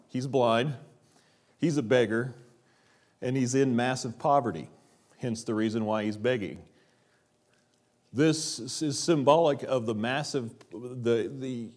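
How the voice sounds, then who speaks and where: A man preaching a church sermon, asking rhetorical questions and dropping his voice low for quiet emphasis. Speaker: pastor. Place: church sanctuary.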